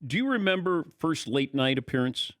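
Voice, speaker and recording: A man's voice: fairly high pitch, sing-song, normal speed. A man hosting a talk show, interviewing a guest in a teasing, joking way.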